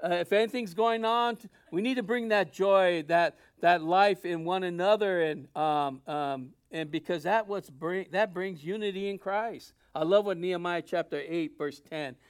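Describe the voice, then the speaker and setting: Male pastor mid-sermon; high, smooth voice; casual preaching that swings between quiet and loud. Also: moderate pace, hardly any pauses. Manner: conversational preaching, swings from soft asides to loud emphasis.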